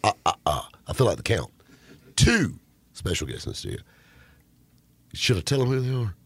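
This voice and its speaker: A man hosting a car radio show in a studio, joking and bantering loudly with guests. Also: fairly low pitch, normal speed, breathy edge. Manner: joking, boisterous, lively banter. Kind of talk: casual studio radio chat.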